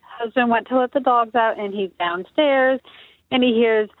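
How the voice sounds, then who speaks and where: A woman, a listener, telling a personal anecdote in a steady, plain way. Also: on the high side, moderate pace, dry recording. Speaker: listener sharing a story. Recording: tinny phone line.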